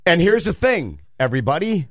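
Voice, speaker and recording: Male co-host, slightly raised pitch, defensive and insistent on air. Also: big pitch swings, fairly quick, a bit bright. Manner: defensive, protesting. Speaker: radio co-host. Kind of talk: casual radio banter. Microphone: studio mic.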